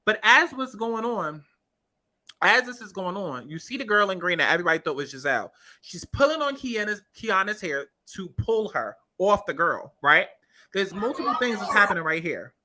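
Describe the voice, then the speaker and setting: A woman's voice: mid-range voice, very animated, normal speed, pushed and bright. A woman giving casual, profane commentary on a reality-TV clip, talking straight to her viewers and repeating points for emphasis. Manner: talks to viewers while scrubbing through a clip. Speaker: commentary vlogger.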